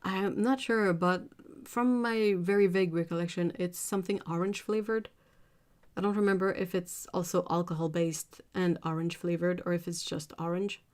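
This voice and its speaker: Chatty woman, low voice. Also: fairly even intonation, moderate pace, darkish tone. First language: French. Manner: chatty and giggly, trailing off and searching for words. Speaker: art livestream host. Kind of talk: casual livestream chat, reading viewer comments.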